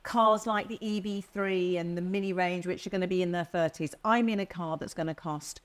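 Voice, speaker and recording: A woman's voice: on the low side, steady tone, a little fast. A woman presenting a car show in an upbeat, chatty and emphatic way. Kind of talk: casual studio chat.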